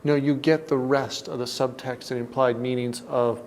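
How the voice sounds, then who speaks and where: A man giving a reflective self-help talk, deliberate and often dropping to a soft, low tone. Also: fairly even intonation, slight background noise.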